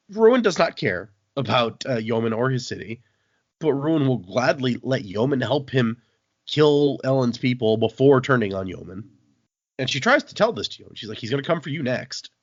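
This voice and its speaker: Animated man recapping a book. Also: mid-range voice, a little slow, dry recording. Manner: animated storytelling, acts out quotes. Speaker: podcast host. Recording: dull, dry lo-fi podcast audio.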